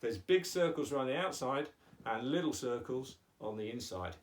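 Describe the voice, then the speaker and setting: A man's voice: mid-range voice, expressive, moderate pace, far from the mic. A man hosting a playful children's lesson on shapes, patient and teacherly with exaggerated emphasis. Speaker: children's educational host. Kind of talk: playful kids' lesson with puppets.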